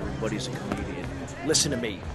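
An actor playing a tough, terse gangster in a video game, speaking in curt, gruff lines with music playing behind him. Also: male voice, fairly low pitch, racing, crowd noise, close to an everyday voice. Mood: hard. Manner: curt, gruff, hard-edged.

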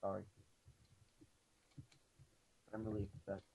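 A man's voice: lowish voice, completely flat delivery, unhurried, gravelly, dark tone, breathy edge, rough recording. A man playing a game with a friend, talking in a profane, teasing, ranting way. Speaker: gamer. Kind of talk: gaming commentary with a friend.

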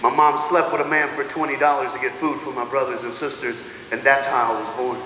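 A man giving a motivational speech to students, animated, calling out to the crowd, laughing often and swinging from loud to hushed. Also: mid-range voice, fairly quick, a little hiss or hum. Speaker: motivational speaker. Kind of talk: school assembly motivational speech. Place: large school auditorium or gym. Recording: echoey hall with long reverb.

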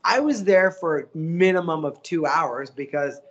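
A man, a voice actor guest, telling stories in a casual interview, lively and coaching with acted-out quotes. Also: fairly high pitch, normal speed, dull audio. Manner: animated, acts out quotes, coaching.

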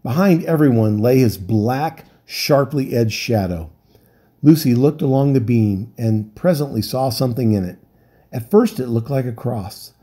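Man reading a storybook aloud, mellow, husky, calm and steady. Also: medium pitch, measured pace. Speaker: volunteer reader.

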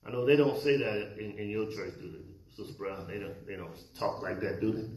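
A man's voice: on the low side, a little fast, hardly any pauses, a little mellow. A male pastor preaching a sermon, questioning his congregation and waiting for answers. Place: church sanctuary. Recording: echoey church hall.

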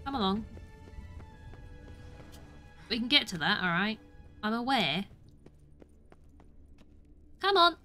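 A woman's voice: a little high, sing-song, slow, long pauses, pushed and bright, faint music behind. A British woman streaming a video game, chatting playfully with viewers and cheering herself on through fights. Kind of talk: casual gameplay commentary.

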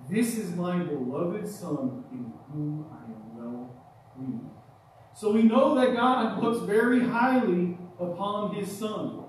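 A man's voice: sits high, a little mellow, a little hiss or hum. A middle-aged male pastor giving a conversational sermon in a church, often asking "right?" and "amen?". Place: church sanctuary. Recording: echoey church from far off.

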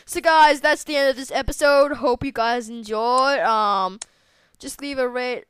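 A woman commentating a video game, excitable, yelling at the game and trailing off into mumbles. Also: high-pitched, measured pace. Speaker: let's play gamer. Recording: loud background noise.

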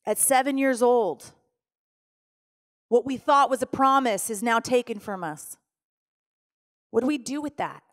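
A woman's voice: on the high side, a little slow, long pauses. A middle-aged woman pastor preaching a sermon, telling a personal story with strong emotion and acting out her own pleading prayers.

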